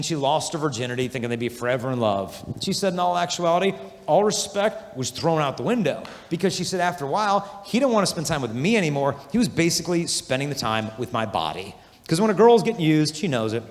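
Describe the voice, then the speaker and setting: A man giving an energetic youth conference talk, telling animated stories and acting out the voices of people he describes. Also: a little high. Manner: animated storytelling, acts out quoted voices. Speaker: conference speaker. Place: large hall. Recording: long hall reverb.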